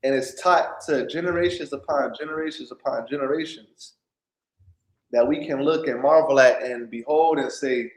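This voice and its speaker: A man preaching informally on scripture, often pausing to ask "right?" and restarting his sentences. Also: medium pitch. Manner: keeps asking "right?", stops and restarts often. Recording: echoey room.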